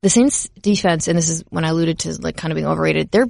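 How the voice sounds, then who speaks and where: A woman with a Minnesota accent talks football in a casual podcast chat. Her lowish voice has a gravelly fry, and the sound is dry and close. She is chatty and pokes fun at herself. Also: quick pace, no room sound. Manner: chatty, self-mocking, animated asides. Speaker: podcast co-host.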